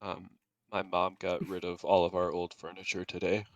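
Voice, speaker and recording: A man's voice: sits low, completely flat delivery, moderate pace, no echo, recorded from a distance, highs cut off. A young man telling a casual story to friends on a podcast, chuckling as he goes. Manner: chuckles through his stories. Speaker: podcast co-host. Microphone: home streaming mic.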